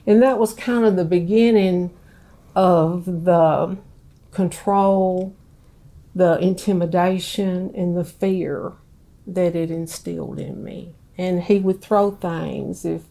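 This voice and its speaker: A middle-aged woman, telling her own story in an interview in a plain, unhurried way. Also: fairly low pitch, steady tone, creaky, dark tone. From Southern US. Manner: slow, plain-spoken storytelling. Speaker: interviewee, ex-wife of a street preacher. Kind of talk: recounting her life in an interview.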